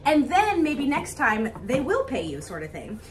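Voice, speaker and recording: A young woman vlogging casually to camera, bubbly and gushing with excitement. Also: sits high, moderate pace, far from the mic, a little hiss or hum. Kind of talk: casual vlog talk to camera.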